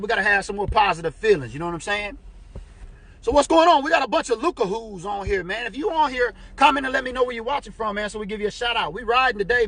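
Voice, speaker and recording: A middle-aged man with a fairly high, husky voice hosts a casual live stream, rambling in a chatty, animated way. He keeps tossing in "you know what I'm saying" while he greets viewers and reads their comments. He sounds from the United States, speaking through a basic stream mic. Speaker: fan group owner and live-stream host. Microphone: computer or phone mic on a live stream.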